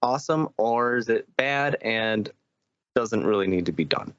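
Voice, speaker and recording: A man's voice: lowish voice, lively intonation, unhurried, fairly bright tone, clean tone, dry recording. Sleepy male podcast host, laid-back, dry humor, dull lo-fi dry recording. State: tired. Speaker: podcast co-host and game judge. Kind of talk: casual podcast chat.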